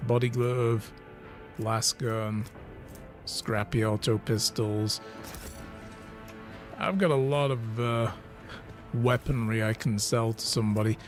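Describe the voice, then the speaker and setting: Dude streaming a game, jumpy reactions, reads text out loud, faint music under. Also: male voice, mid-range voice, little pitch movement, slow pace, long pauses. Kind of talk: let's play commentary.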